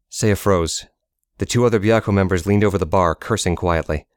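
A man narrating an audiobook in a steady, measured reading. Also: sits low, clean tone, dry recording, studio quality.

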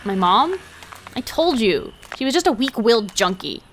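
A woman's voice: fairly high pitch, very animated, normal speed, a little hiss or hum. A young woman voicing a hot-tempered, foul-mouthed underage delinquent girl who swears constantly and talks bluntly and defensively. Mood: sheepish.

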